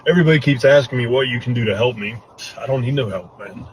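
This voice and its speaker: A man's voice: medium pitch, fast, slight background noise, poor audio. A man giving an earnest, choked-up update after a storm, speaking bluntly. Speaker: hurricane survivor giving an update. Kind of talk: emotional first-person update.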